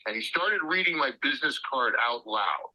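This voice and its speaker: A man's voice: medium pitch, lively intonation, normal speed, muffled recording. A man telling anecdotes as an interview guest, acting out the quotes with animation. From Illinois. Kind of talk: storytelling interview.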